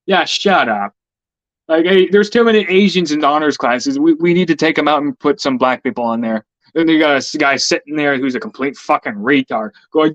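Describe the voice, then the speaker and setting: A man's voice: on the high side, brisk, a bit bright, no room sound. A man in a casual, heated rant, swearing often and stammering over repeated words. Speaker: vlogger. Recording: dull lo-fi dry recording.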